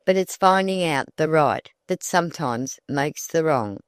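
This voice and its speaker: A sly old countrywoman, as the audiobook narrator puts her on, coaxes in a folksy rural way. Her words come slowly and evenly. The sound is close and dry, with no room around it. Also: mid-range voice, expressive, clear, resonant tone, no room sound, close to an everyday voice. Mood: coaxing.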